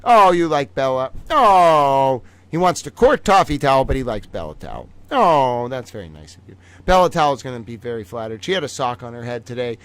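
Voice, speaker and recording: A man's voice: medium pitch, sing-song, brisk, dry recording. A man hosting a casual live-stream trivia game, playful and chatty, laughing often between phrases and chatting to his toys. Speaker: livestream host running a trivia game.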